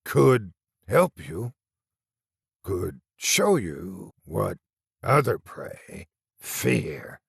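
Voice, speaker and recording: A man voicing a taunting inhuman creature in a horror story, speaking in slow, broken, rasping phrases with a hiss and wheeze. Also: low voice, very animated, dry recording, studio quality, voice pushed down, heavily acted. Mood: menacing.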